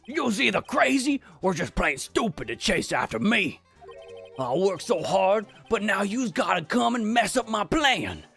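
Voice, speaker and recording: Gravelly mafia boss, Don Tigre. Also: male voice, sits high, big pitch swings, measured pace, fairly bright tone, soft background music, pitched above the performer's own voice, exaggerated voice. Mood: menacing. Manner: rough tough-guy slang, threatening. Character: gruff hot-tempered male mafia loan shark.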